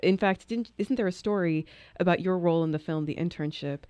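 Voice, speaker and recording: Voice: medium pitch, brisk, a little mellow, dry recording, highs cut off. Interviewer with a dry, close sound. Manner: conversational, prefacing questions with context. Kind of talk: interview questions.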